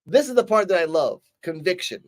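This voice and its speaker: A man casually reviewing a show episode, animated and acting out scenes as he recaps, with the odd swear. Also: sits high. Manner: animated, acts out scenes in quick voices; casual, swears now and then.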